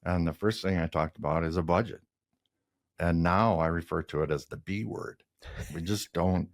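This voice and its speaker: A man's voice: deep voice, normal speed. A man in his sixties from the Minneapolis area, a designer guest telling rambling anecdotes in a casual interview. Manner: rambling anecdotes with laughs and mimicked voices.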